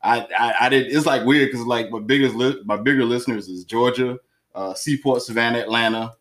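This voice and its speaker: A man's voice: medium pitch, brisk. A man hosting a podcast in casual chat, loose and rambling with lots of fillers. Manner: loose, rambling, filler-heavy shout-outs. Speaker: podcast host.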